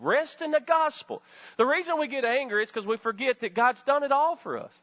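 A man's voice: extremely high pitch, brisk, fairly bright tone, muffled recording. A middle-aged man preaching a sermon as pastor, full of rhetorical questions and calls to the congregation.

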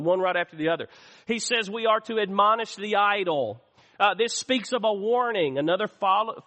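A man's voice: high-pitched, a bit bright, in a large hall. A man preaching a sermon as pastor, calling out to the church and asking for amens. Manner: call-and-response preaching, asks the church for amens. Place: church sanctuary.

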